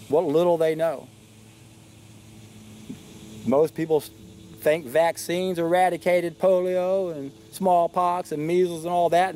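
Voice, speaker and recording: High-voiced indignant man. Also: warm tone, a little hiss or hum. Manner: indignant, emphatic, repeats key phrases. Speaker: video commentator. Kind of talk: monologue to camera.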